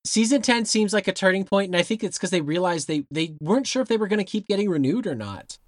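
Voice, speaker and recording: An easygoing man co-hosts a casual podcast, mostly answering in short remarks. His voice is high for a man and moves a lot in pitch. It is recorded close and dry. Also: animated, quick pace, no echo. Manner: easygoing, brief replies. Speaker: podcast co-host. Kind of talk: casual chat.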